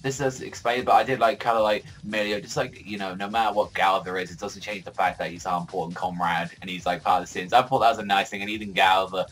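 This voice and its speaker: A man with a lowish voice talks through a manga chapter in a loose, unscripted vlog. He rambles, leans heavily on "like" as a filler, and swears freely as he goes. Faint music plays underneath. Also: steady tone, fast, hardly any pauses, fairly bright tone, rough recording. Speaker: anime and manga reviewer. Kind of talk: casual review vlog.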